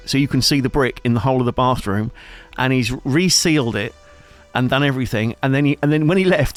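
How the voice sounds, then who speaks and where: Jokey male co-host, easy banter, light music bed. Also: mid-range voice. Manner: jokey, bantering, laughs a lot. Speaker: streamer co-host. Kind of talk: casual chat.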